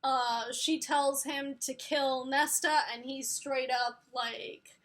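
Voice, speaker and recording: A woman's voice: sits high, steady tone, takes it slowly, fairly bright tone. A woman giving a casual spoiler book review, gushing and rambling with lots of fillers.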